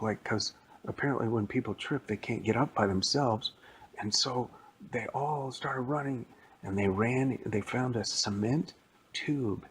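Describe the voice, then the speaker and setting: Gravelly man improvising a silly story. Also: on the low side, a bit bright, slight background noise, low-quality recording. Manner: playful, rambling, off-the-cuff.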